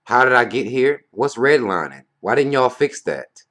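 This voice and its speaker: A man's voice: mid-range voice, expressive, normal speed, fairly bright tone. A man ranting bluntly to camera in a vlog, heated and profane, firing off rhetorical questions. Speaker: vlogger. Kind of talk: casual rant to camera.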